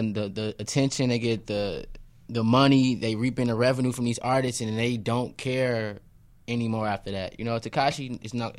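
A man co-hosting a casual pop culture chat, laid-back and opinionated, with plenty of slang. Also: medium pitch. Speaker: co-host.

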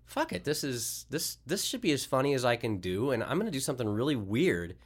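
A man's voice: medium pitch, very animated, a little fast, husky. Rambling male voice actor telling stories. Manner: rambling, many restarts, laughs at own stories. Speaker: guest voice actor. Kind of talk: casual podcast interview.

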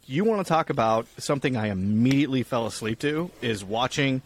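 A man's voice: medium pitch, expressive, brisk. A man co-hosting a casual podcast, telling stories in a rambling, profane way and acting out the people in them. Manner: rambling, profane storytelling with acted-out quotes. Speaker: podcast co-host. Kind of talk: casual chat.

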